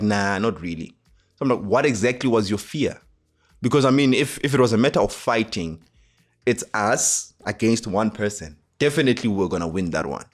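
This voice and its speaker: A man with a South African accent, hosting a motivational talk and telling a personal story, acting out the dialogue with animation. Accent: South African English. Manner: animated, acts out dialogue with rising pitch. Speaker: host.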